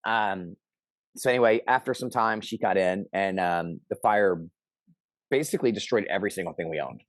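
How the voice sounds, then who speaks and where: A middle-aged man telling a personal story in casual conversation, animated and shouting out the lines he quotes. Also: deep voice, moderate pace, no room sound. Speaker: interview guest.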